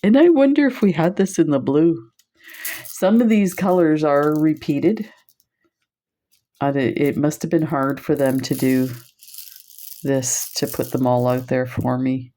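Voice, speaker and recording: A woman's voice: low-pitched, measured pace, pauses often, warm tone. A woman presenting beads on camera in a casual chat, telling stories and laughing often. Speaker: bead shop video presenter.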